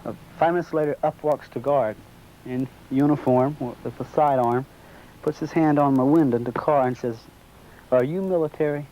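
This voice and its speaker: A man's voice: mid-range voice, steady tone, moderate pace, warm tone. A man, interviewed, recounting a personal story at length and acting out the dialogue of the people in it. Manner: storytelling, acts out quoted dialogue. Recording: dull lo-fi recording.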